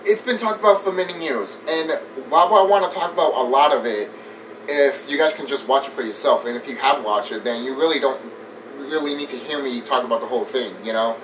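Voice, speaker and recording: A man giving a casual, animated movie review rant. He swears often, laughs a lot and mimics scenes as he talks. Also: medium pitch, brisk. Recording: distant mic with faint background noise.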